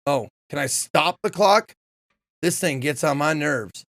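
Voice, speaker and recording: A man playing through a game and chatting casually, reading lines aloud, swearing often and yelling when annoyed. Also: on the high side, measured pace, no echo, clean studio sound. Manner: animated, swears often, yells in frustration. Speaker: let's play streamer.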